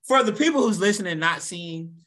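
A man from Louisville with a Kentucky accent hosting a casual chat, brash and teasing, swearing freely and firing back quick comebacks. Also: sits high, animated, bright, forceful tone.

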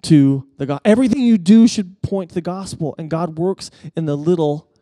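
Man preaching a casual, animated sermon. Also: a little high, normal speed, no room sound, clean studio sound. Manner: conversational with frequent restarts and stammers; animated storytelling, rising intensity at key points. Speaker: pastor.

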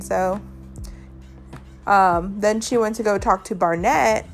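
A woman podcast host chatting casually about a show she has been watching. She is gossipy and loose, full of fillers and quick impressions of what others said. Faint music sits in the background. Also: mid-range voice. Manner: chatty, gossipy recap with fillers and quoted reactions. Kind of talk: casual chat.

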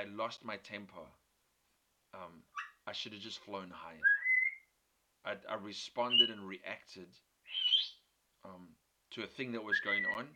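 A man giving an earnest, emphatic sermon built around a personal story. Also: on the low side. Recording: loud background noise.

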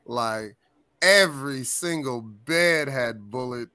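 A man guest on a podcast, telling tour stories in a casual, animated and profane way, laughing often. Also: medium pitch, slow, clear, resonant tone, no room sound. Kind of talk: casual storytelling chat.

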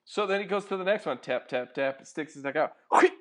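A man's voice: on the high side, expressive, fast, fairly bright tone. A man chatting casually, laid-back and agreeable, telling a story. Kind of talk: casual chat.

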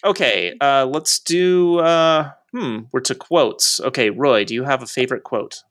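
A man's voice: mid-range voice, unhurried, a bit bright, no room sound. A man with a middle-range voice hosts a casual movie podcast. He talks in a loose, hesitant way, full of fillers and restarts. The sound is dry and close, with no room around it. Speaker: podcast co-host. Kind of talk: casual chat.

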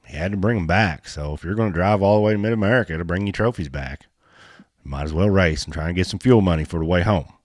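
A man's voice: sits low, quick pace, a little mellow, no echo, clean studio sound. A man, hosting a casual chat in a blunt, joking, folksy way. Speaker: podcast host. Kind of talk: casual chat about off-road racing.

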